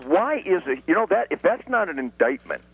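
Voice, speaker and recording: A man in his sixties from Detroit, talking as a guest on a radio show in a brash, boastful way, with rapid rants that break into sudden shouts. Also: high-pitched, big pitch swings, husky, highs cut off. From Detroit, USA. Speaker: guest musician. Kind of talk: radio phone interview. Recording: radio broadcast.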